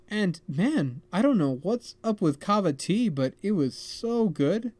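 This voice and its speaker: A young man hosting a podcast, telling a story in a rambling, animated way full of "like" and "man". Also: high-pitched, measured pace, dry recording. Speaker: podcast host. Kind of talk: casual storytelling.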